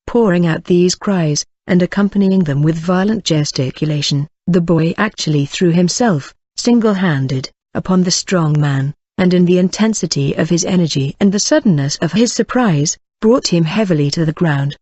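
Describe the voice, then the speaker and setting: Steady audiobook narrator reading an old novel, mid pitch, dry and kinda muffled. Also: normal speed, hardly any pauses, no echo. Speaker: audiobook reader.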